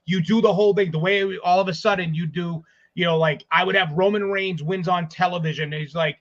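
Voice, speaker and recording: A man co-hosting a casual sports podcast, rambling excitedly and swearing as he talks. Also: sits high, a little fast. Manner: excited, profane, rambling with restarts. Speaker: podcast co-host. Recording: dull lo-fi audio.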